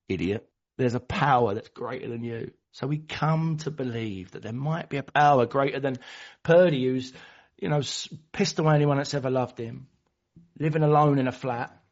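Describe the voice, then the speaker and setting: A man's voice: mid-range voice, darkish tone. A man giving a passionate, storytelling share at a recovery meeting, sometimes acting out other people's voices. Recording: dull lo-fi recording.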